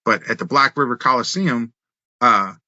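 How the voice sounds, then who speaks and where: A man, a former wrestler, telling road stories in an animated way on a podcast, full of restarts and quoted dialogue. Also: mid-range voice, normal speed, no room sound, highs cut off. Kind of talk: casual storytelling in a podcast interview.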